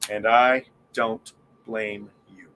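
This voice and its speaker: A man's voice: lowish voice, level tone, slow, a bit bright, a little hiss or hum. A man hosting a podcast in casual chat, rambling and enthusiastic, with lots of fillers. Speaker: podcast host.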